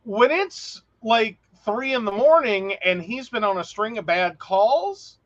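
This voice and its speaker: Animated high-voiced man telling stories. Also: unhurried, lo-fi sound. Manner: animated storyteller, acts out quotes, laughs often. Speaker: podcast co-host. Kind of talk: casual chat.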